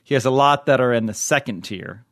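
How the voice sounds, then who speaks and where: A man's voice: medium pitch, brisk, no echo, studio quality. A man hosting a podcast in casual chat, rambling with many fillers and frequent chuckles. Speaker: podcast host.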